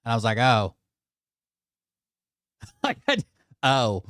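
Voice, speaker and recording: A man's voice: mid-range voice, wildly swooping pitch, takes it slowly, a bit bright, no echo, clean studio sound. A male channel host ranting casually to his viewers, exasperated and swearing often as he talks straight to them. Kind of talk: casual profane rant to viewers.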